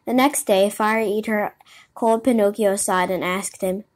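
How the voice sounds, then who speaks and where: A woman narrates a classic children's story aloud. Her delivery is an expressive storybook reading, at a medium pitch. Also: moderate pace. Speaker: audiobook narrator.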